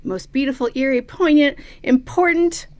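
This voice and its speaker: A woman's voice: sits high, moderate pace, a little mellow. Playful, foul-mouthed woman podcast host. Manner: playful, swears freely, laughs often. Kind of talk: casual chat recapping a TV episode.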